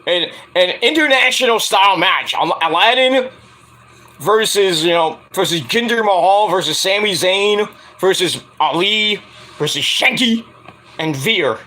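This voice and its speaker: A man's voice: high voice, animated, measured pace, sharp tone. A man giving a rambling, joking casual livestream review of a wrestling show.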